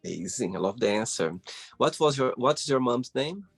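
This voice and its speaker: A man's voice: medium pitch, lively intonation, normal speed, vocal fry, breathy edge, faint music behind. A man hosting an interview, asking short questions and giving brief encouraging replies. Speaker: host.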